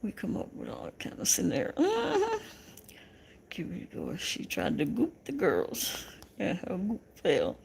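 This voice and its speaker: A woman's voice: medium pitch, wildly swooping pitch, unhurried, gravelly, darkish tone, slight background noise. A Southern American woman hosting a casual livestream, laughing often and teasing her viewers as she reads their comments. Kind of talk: casual live chat.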